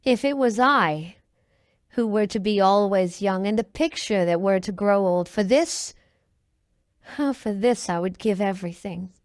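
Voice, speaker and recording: A woman's voice: mid-range voice, unhurried, no echo, studio quality, close to an everyday voice. A woman voicing a vain young man who dreads growing old, speaking in a pleading, anguished way. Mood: mournful.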